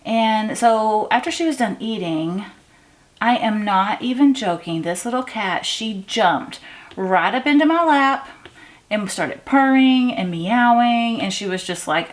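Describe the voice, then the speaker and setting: A woman's voice: medium pitch, expressive, a little slow. A woman vlogger chatting casually at home while she works on a craft, rambling with many fillers and restarts.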